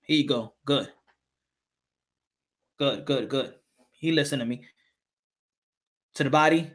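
A man calling a boxing fight live as channel host, excitable, repeating his calls and swearing. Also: mid-range voice, takes it slowly.

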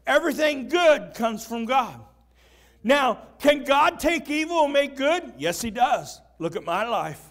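A pastor preaching with a striking high-pitched voice. He builds his sermon with fervor and breaks into shouting at the big moments. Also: expressive, measured pace. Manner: impassioned preaching, shouting at peaks.

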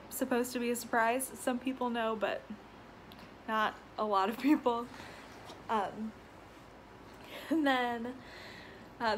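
A woman's voice: fairly high pitch, a little hiss or hum, rough recording. A woman hosting her own podcast from her apartment, chatting casually and rambling, often laughing, out of breath and stuffy from allergies. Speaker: podcast host. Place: home apartment with windows open.

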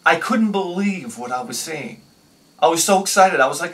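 A man telling a personal story on his video channel, excitable, swinging between loud bursts and quiet asides. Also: a little high, moderate pace, far from the mic. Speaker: video host.

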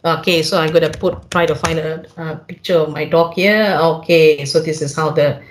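A man with a Malaysian English accent, a university lecturer walking attendees through a software demo in a live online workshop, talking conversationally and tagging points with "huh?" and "right?". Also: a little high, fairly even intonation, moderate pace, a little hiss or hum.

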